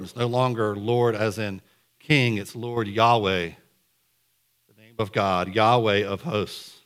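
A man preaching a conversational sermon to a church congregation, lively, with sudden loud bursts. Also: on the low side, takes it slowly, pauses often, clean tone. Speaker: pastor. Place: church sanctuary.

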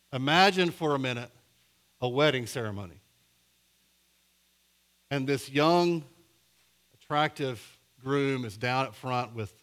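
A middle-aged male pastor tells a story while preaching, his voice ranging from hushed and low to loud and emphatic.

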